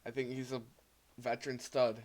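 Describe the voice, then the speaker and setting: A man's voice: mid-range voice, completely flat delivery, moderate pace, a little mellow. A man co-hosting a casual fantasy football chat, easygoing and moving things to the next topic. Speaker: co-host on a stream.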